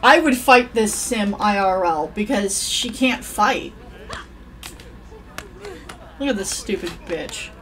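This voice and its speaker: A young woman giving casual, profane commentary while playing a life-sim game, yelling at the characters and rambling. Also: medium pitch, expressive, slow, long pauses, a little hiss or hum. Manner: rambling, self-interrupting.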